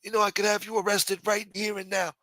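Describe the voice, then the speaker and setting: Man putting on a high pompous councilman voice. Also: flat delivery, a little fast, pushed and bright, no room sound, rough recording. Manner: boastful, dismissive. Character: pompous self-important male town councilman.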